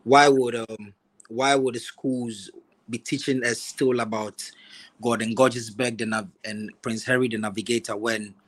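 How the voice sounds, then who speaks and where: A man chatting slowly and thoughtfully on a video call as a guest musician. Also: mid-range voice, fairly even intonation, poor audio. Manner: slow, thoughtful, restarts and fillers. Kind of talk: casual interview chat.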